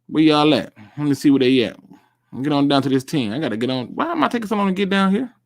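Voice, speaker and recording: This man's voice sits on the high side, with a quick pace and some creak. Running his own sports talk show, he animatedly reads material out to his audience, reacts to it, and speaks right to them.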